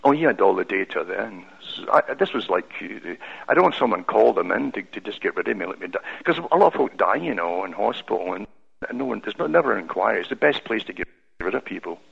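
Scottish male guest, deep gravelly husky voice, lively storytelling, dull lo-fi radio sound. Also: fast talker. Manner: animated, with many restarts. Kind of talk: telling a personal story. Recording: lo-fi radio broadcast.

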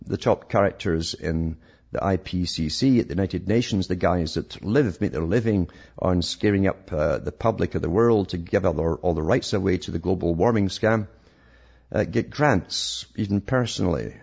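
In a deep, creaky voice that's darkish and slightly rough, a man plays talk host, reading news articles aloud in a sarcastic, meandering monologue. Sentences often get restarted, and the lo-fi recording sounds dull.

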